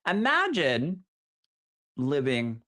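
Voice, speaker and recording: Animated campy man chatting on a podcast. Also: a little high, drawn-out words. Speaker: podcast co-host, psychic medium. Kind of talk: casual podcast chat.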